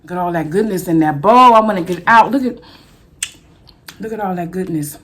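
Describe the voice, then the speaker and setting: A woman hosting a mukbang food vlog chats casually and briskly with her viewers, calling them y'all and eating between words. Her voice is fairly low in pitch.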